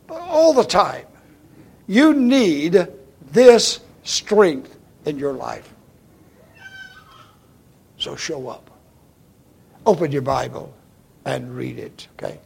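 Addressing his congregation as "folks" and repeatedly asking "okay?", an older pastor preaches with emphasis, moving between loud and hushed. His voice is on the high side, husky, with vocal fry.

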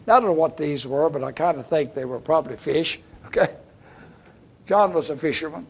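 A man's voice: on the high side, lively intonation, fairly quick, gravelly, breathy edge. An older man pastor delivering an emphatic sermon, addressing the congregation as folks and checking in with okay. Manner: emphatic, repeats "okay?" and "folks", swings from loud to hushed.

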